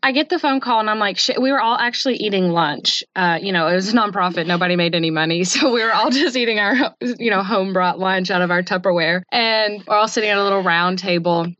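A woman's voice: medium pitch, fast, few pauses, a bit bright, dry recording, highs cut off. A woman in her twenties co-hosting a podcast, telling a family story in casual chat, candid and swearing, acting out quotes. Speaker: podcast co-host.

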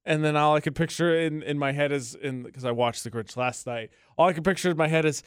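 A man's voice: fairly high pitch, smooth, no echo, studio quality. A man co-hosting a radio show, bantering playfully and arguing his points in casual chat. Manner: playful, argumentative, quick shifts in emphasis. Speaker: radio co-host. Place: radio studio. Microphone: close studio mic.

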